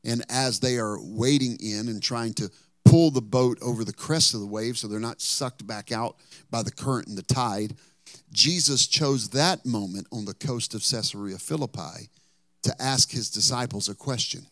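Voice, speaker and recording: A man's voice: medium pitch, normal speed, no echo. Dramatic preacher man. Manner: dramatic storytelling preacher, rising to loud bursts. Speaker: pastor. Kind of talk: sermon.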